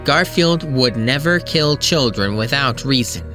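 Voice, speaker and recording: A man's voice: medium pitch, expressive, a little slow, over music, voice pushed up, natural voice. A man voicing a jokey, loyal male alien comrade in a plain, earnest delivery.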